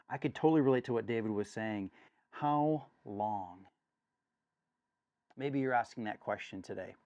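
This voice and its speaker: A man's voice: fairly low pitch, moderate pace, pauses often, a little mellow, highs cut off. A man leading a church study, giving an earnest devotional talk and growing more intense as he reads scripture. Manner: earnest, rising intensity when reading.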